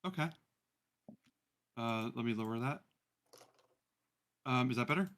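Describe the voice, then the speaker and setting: A man narrating as game master of a fantasy tabletop game, relaxed and halting with many fillers. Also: mid-range voice. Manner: relaxed, many ums and uhs.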